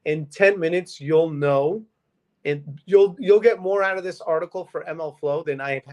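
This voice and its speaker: Higher-voiced, eager tech enthusiast man. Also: darkish tone. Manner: eager, rapid list-making. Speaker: co-host. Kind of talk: casual tech recommendation.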